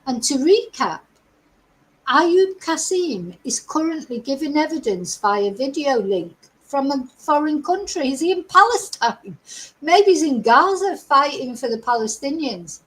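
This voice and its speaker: A woman's voice: high-pitched, big pitch swings, a little slow, poor audio. A middle-aged woman, hosting a chatty live-stream commentary, reading out news and asking her viewers rhetorical questions. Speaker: host.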